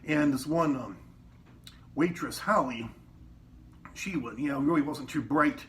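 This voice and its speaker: A man's voice: a little high, measured pace, a bit bright. A man telling rambling, profane stories about his old kitchen job in a casual way. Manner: rambling, quotes people in raised voices, swears often. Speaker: former cook telling work stories. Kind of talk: casual storytelling. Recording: distant mic with faint background noise.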